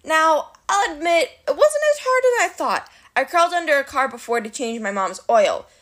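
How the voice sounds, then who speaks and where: A woman reading a novel aloud in storybook narration, with an animated, wry delivery. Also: high-pitched, moderate pace. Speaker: reader of a novel.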